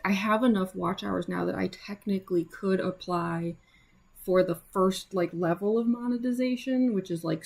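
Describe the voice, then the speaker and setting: A young woman livestreams her drawing and chats casually with viewers, with lots of fillers and little laughs. Her voice sits on the low side and is creaky.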